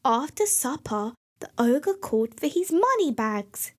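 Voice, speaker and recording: A woman narrating a fairy tale in a slow, clear, expressive storybook style. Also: high-pitched.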